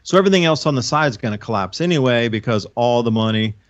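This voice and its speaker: A man's voice: mid-range voice, animated, quick pace, lo-fi sound. A man giving a long, earnest, rambling explanation as a guest on a casual talk show, often restarting his sentences. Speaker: guest, online channel host. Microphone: own microphone.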